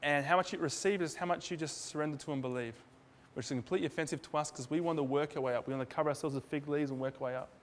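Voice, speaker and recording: A man's voice: a little high, racing, hardly any pauses, slight background noise. A man preaching a sermon in a loose, conversational way, acting out little dialogues in different voices. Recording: hall reverb.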